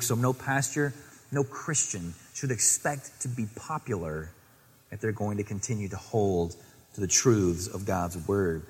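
A man's voice: on the low side, slightly rough, in a large hall. A man preaching a sermon, reading scripture aloud and exhorting earnestly. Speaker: pastor.

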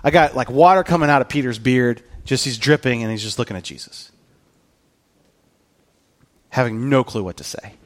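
A man preaching a casual, storytelling sermon, acting out scenes and dropping into hushed tones for weight. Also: mid-range voice, moderate pace, pauses often. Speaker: pastor.

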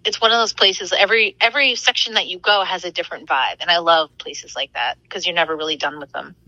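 A young woman, a podcast guest and author, chatting excitedly about her experiences and laughing often as she tells stories. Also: on the low side, fast talker, no room sound, low-quality recording. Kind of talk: casual storytelling.

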